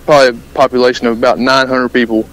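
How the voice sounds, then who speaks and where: A man's voice: mid-range voice, level tone, very fast, fairly bright tone, low-quality recording. A man from Alabama, a country musician, talking easily and laughing often in a phone interview. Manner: easygoing, laughs a lot.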